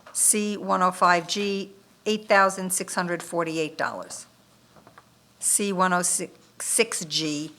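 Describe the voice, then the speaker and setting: A woman reading bid amounts aloud at a town bid opening, listing item codes and dollar figures in a steady, methodical way. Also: on the low side. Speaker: municipal official reading bids. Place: town government meeting room.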